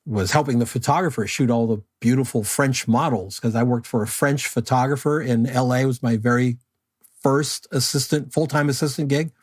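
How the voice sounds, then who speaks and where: An older man speaks in a steady, mid-range voice, rambling comfortably through anecdotes. He is a guest in a casual interview, taking his time with each thought. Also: mid-range voice. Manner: unhurried anecdotal storyteller. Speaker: guest photographer.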